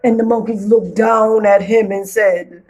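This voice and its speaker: A woman reading a children's storybook aloud with playful, expressive storytelling. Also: mid-range voice, a little slow, lo-fi sound.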